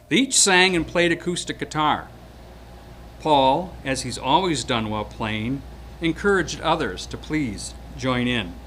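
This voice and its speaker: A man's voice: mid-range voice, fairly bright tone. A man around seventy reading a prepared eulogy for an old friend, hesitant at first and then telling stories with acted-out quotes.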